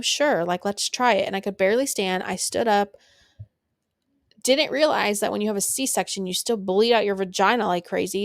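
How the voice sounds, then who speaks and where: A woman's voice: mid-range voice, vocal fry, no room sound, studio quality. A young woman hosting a podcast, telling a personal story candidly with lots of fillers and some swearing. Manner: candid, swearing, filler-heavy, emotional at times. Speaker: podcast host.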